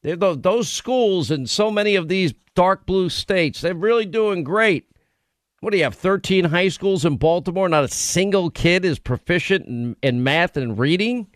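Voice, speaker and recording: A man's voice: high voice, expressive, moderate pace, no room sound, studio quality. A man hosting a talk radio show, ranting in a sarcastic, combative way.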